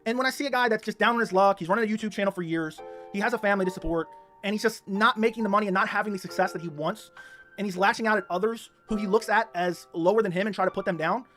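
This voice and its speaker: A man's voice: sits high, rapid-fire, fairly bright tone, faint music behind. A man with a Baltimore accent hosting his own channel, delivering a heated, mocking rant and repeating himself as he goes. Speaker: YouTube channel host. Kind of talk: ranting monologue.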